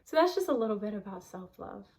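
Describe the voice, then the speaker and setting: A woman's voice: mid-range voice, very animated, fast, a little mellow. A woman giving an earnest, emphatic self-help talk on a vlog, repeating phrases for stress. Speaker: vlogger.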